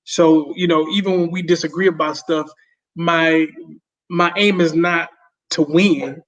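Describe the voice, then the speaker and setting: A man who is a guest on a podcast, talking in a reflective, halting way and often repeating his words as he chats casually. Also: fairly high pitch, steady tone. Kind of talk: casual conversation. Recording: dull lo-fi sound.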